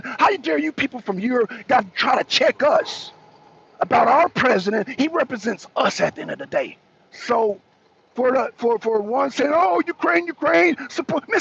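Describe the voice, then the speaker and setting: A man's voice: extremely high pitch, gravelly, muffled recording, slight background noise. A man hosting a livestream talk show, ranting angrily with lots of profanity. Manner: angry, profane, animated. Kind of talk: heated political rant on a livestream.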